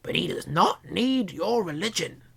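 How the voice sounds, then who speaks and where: A reader voicing a snooty, shrill aunt in a mocking, sickly-sweet falsetto. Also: animated, unhurried, creaky, fairly bright tone, husky, full character voice.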